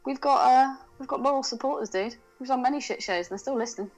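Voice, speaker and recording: A woman's voice: sits high, quick pace, lo-fi sound, faint music behind. A woman co-hosting a podcast in casual banter, brash and breezy, swearing casually. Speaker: podcast co-host.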